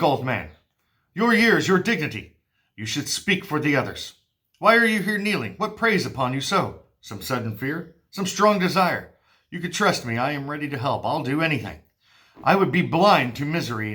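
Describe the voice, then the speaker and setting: A man's voice: mid-range voice, expressive, normal speed, sharp tone. A man voicing a proud king of ancient Thebes, declaiming his lines to his people. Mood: proud, concerned.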